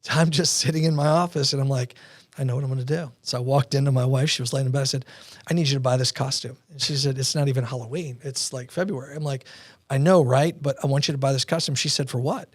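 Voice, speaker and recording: A man telling his story as a podcast guest, animated and acting out the voices of people he quotes. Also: medium pitch, fast talker, no room sound. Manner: animated, acts out quoted dialogue. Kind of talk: storytelling interview talk. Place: podcast studio.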